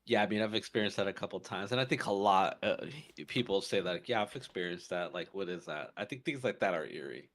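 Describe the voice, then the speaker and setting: A man's voice: deep voice, fast talker, few pauses, a bit bright. A man co-hosting a podcast, telling a story in casual chat with lots of fillers and restarts. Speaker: podcast co-host.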